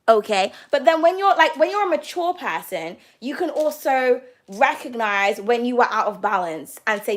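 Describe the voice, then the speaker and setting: A woman's voice: fairly high pitch, expressive, normal speed, hardly any pauses. A young woman giving a casual tarot reading. She chats freely, keeps calling the listener "darling" and swears without holding back. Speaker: tarot card reader.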